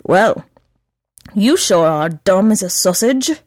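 A woman's voice: mid-range voice, lively intonation, takes it slowly, darkish tone, no room sound, clean studio sound. A woman voicing a curt, dejected young man in a storybook reading. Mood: mocking. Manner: curt, blunt replies.

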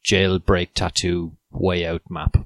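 A man's voice: low voice, takes it slowly, no room sound. A man co-hosting a podcast, chatting casually and acting out lines with lots of laughter. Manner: animated, laughs a lot, acts out quotes. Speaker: podcast co-host. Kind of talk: casual chat on a video call.

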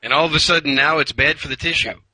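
A man's voice: a little high, fast, sharp tone, breathy edge, no room sound, poor audio. A man hosting a casual podcast interview. He keeps his replies short, agrees often and is dryly sarcastic at times. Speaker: podcast host.

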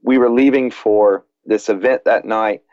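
A man in his late thirties with a low voice speaks earnestly, repeating his first words as he tells a family story. The sound is dry and a little dull, with no room around it. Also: steady tone, unhurried, a little mellow, no room sound. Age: late 30s. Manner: earnest, repeats words when starting sentences. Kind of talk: casual faith conversation with storytelling.

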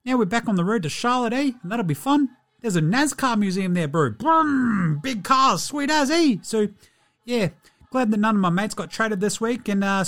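A man's voice: high-pitched, a bit bright. A man doing a goofy drawling Kiwi basketballer. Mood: cheerful. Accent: exaggerated New Zealand. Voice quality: drawling, tacks "Brew" and "eh" onto every phrase. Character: laid-back young New Zealand basketballer, easygoing and goofy.

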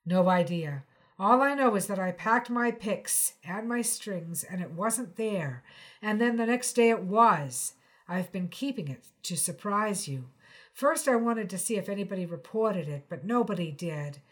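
A woman's voice: mid-range voice, lively intonation, normal speed, lightly acted. A woman reading the part of a young male musician, defensive and earnest, speaking emphatically. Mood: insistent. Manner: louder, emphatic and pleading.

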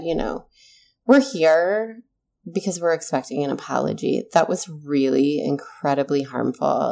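Slow, mellow-voiced mother telling a story. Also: sits low, creaky. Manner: earnest, candid, swears when heated. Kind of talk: casual storytelling.

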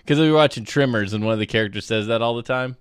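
A man's voice: mid-range voice, racing, smooth, no echo, studio quality. An easygoing man co-hosting a casual chat, laughing often and telling stories. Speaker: podcast co-host.

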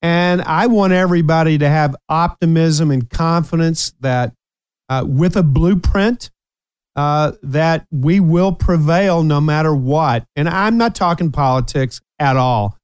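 A man's voice: fairly high pitch, unhurried, clean tone, no echo. A man in his sixties hosting a casual talk show, upbeat and teasing. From United States. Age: 60s. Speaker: host. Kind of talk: casual chat.

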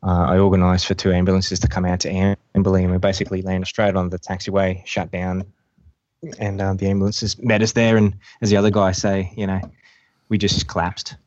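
Male pilot guest, deep monotone, muffled dry recording, hesitant storytelling. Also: no echo. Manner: halting, many fillers and restarts. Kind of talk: recounting a rescue story. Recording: dull lo-fi dry sound.

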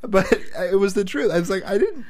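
A man's voice: high-pitched, moderate pace, dry recording. Male co-host, 30s, swearing storyteller, dry sound. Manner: profane, animated storyteller who shouts when reenacting. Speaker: podcast co-host. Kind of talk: casual chat.

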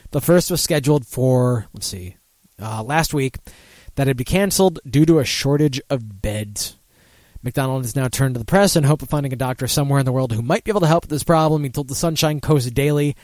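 A man's voice: mid-range voice, no room sound. A man hosting a casual talk show, rambling and swearing freely while laughing at his own jokes. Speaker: host. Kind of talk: casual talk-radio banter.

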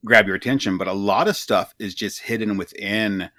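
A man co-hosting a podcast, summarizing game material in a halting, casual way with many filler words. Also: lowish voice, pushed and bright, no room sound. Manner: halting, with frequent "uh" and "um". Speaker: podcast co-host.

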